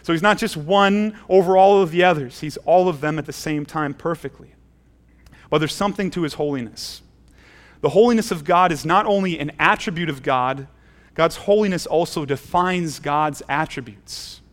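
A man's voice: a little high, moderate pace. Earnest man preaching a sermon. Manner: earnest, repeats words as he restarts phrases. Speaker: pastor. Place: church sanctuary.

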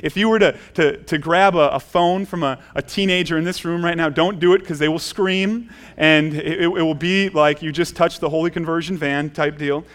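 A man's voice: on the high side, fairly even intonation, moderate pace, few pauses, a bit bright. Earnest man preaching a sermon. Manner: earnest, repeats words as he restarts phrases. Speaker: pastor. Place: church sanctuary.

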